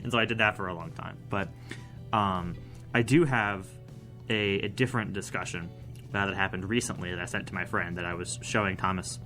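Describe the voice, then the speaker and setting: A man's voice: deep voice, steady tone, a little fast, bright, forceful tone. Young guy on campus radio, rambly, lots of ums and likes, faint music behind. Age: young adult. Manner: rambling and hesitant, many fillers and repeats. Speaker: college radio co-host. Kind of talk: casual chat. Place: college radio studio.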